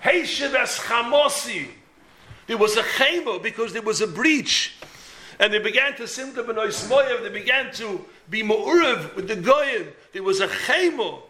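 A man's voice: high voice, animated, normal speed, sharp tone. A man giving an impassioned sermon as a rabbi, building to emphatic peaks. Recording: roomy echo.

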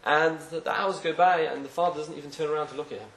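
A man delivers a sermon built around a folk parable. He talks quickly in a somewhat high voice and slips into the characters' voices as the story moves along. The room gives his voice a noticeable echo. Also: slight background noise. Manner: animated storyteller, acts out voices in quotes. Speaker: speaker telling a parable.

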